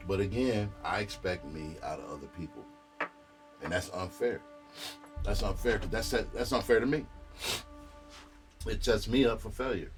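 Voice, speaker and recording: A man's voice: on the low side, moderate pace, pauses often, over music. A middle-aged male comedian chatting casually on a livestream, candid and profane, rambling as he talks. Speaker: comedian and streamer. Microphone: streaming mic.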